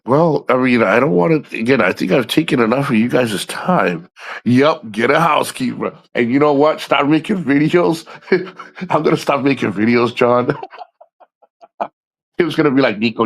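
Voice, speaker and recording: A man's voice: mid-range voice, creaky. A man from the United States chatting casually on a livestream, rambling and crude, laughing often. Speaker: streamer.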